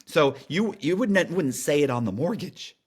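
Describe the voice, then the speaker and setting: A man's voice: a little high, expressive, moderate pace, slightly rough. A middle-aged man telling a story as a podcast guest, in a casual, slangy way with many restarts and fillers.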